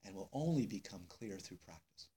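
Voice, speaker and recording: A male meditation teacher giving a dharma talk to students, emphatic and unhurried, repeating phrases with many pauses. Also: deep voice, animated, warm tone, slightly rough. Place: meditation hall.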